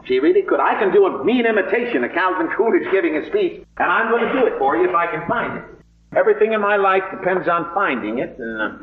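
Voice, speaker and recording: An actor playing a middle-aged, folksy, wisecracking cowboy humorist, delivering a live stage monologue with homespun grammar and teasing asides to the audience. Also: male voice, high-pitched, big pitch swings, fast. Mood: wry. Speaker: one-man stage show performer. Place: theater stage before an audience. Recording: echoey, dull live stage recording from far off with loud noise. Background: audience laughter.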